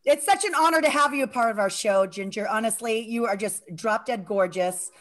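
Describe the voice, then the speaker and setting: Woman co-host, slightly high voice, gushing praise, halting thanks. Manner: warmly effusive, stumbling thanks. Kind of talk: casual show chat.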